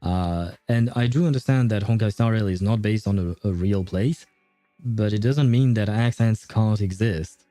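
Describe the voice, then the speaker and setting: A man's voice: lowish voice, moderate pace, dark tone, dry recording, faint music behind. A man streaming a game, chatting casually with his viewers, rambling and enthusiastic with many fillers. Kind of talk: casual livestream chat answering viewers.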